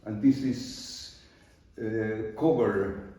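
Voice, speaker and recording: A man's voice: lowish voice, warm tone. Older Peruvian man speaking in an echoey studio. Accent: Peruvian Spanish. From Peru. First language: Spanish. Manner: unhurried, loose grammar, pauses and fillers. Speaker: artist giving a talk. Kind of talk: live talk to an audience. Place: large art studio. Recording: very echoey room from far off, dull.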